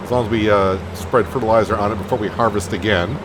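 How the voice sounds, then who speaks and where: A man giving relaxed let's-play commentary on a farming game, chatty and thinking aloud as he plays. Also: on the low side, fast talker. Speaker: gameplay commentator. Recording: noticeable background noise.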